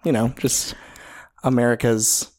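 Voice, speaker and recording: A young man talking as a guest in a relaxed chat, easygoing and quick to laugh. He drops dry asides in a plain conversational voice. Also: mid-range voice. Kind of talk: casual chat.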